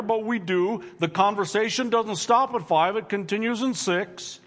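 A man preaching a sermon to his congregation, reading scripture and explaining it with slow, deliberate emphasis. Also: sits high, fairly bright tone. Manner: addresses congregation directly. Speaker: pastor.

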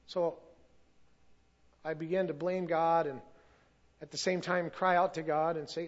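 A middle-aged man tells his own story to a church congregation, earnest and openly emotional. His voice sits a little high for a man. The recording is dull and lo-fi. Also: level tone, measured pace, pauses often. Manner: earnest and emotional, sometimes loses his place. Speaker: church testimony speaker. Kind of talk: personal testimony at a church service.

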